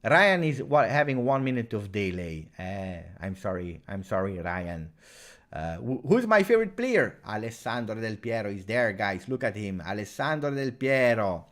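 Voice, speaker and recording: Excitable Italian-accented man cheering football. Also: fairly low pitch, normal speed. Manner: excitable, erupts into loud cheering and chats with viewers. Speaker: live match reaction host. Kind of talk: live football reaction stream.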